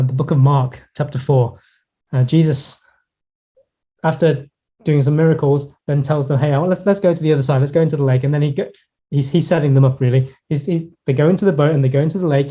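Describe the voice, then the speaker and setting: A male pastor preaching a sermon in an earnest, reflective way, slowing down and pausing to stress key words. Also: on the high side, mellow. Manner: earnest, reflective preaching with pauses and slowed emphasis. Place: church in Hong Kong.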